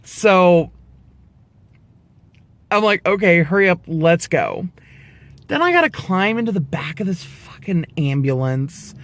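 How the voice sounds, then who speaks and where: Man, twenties, vlogger, casual storytelling, animated, profane, slightly high voice. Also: takes it slowly, long pauses, dry recording. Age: 20s. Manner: animated, profane, acts out the people he quotes.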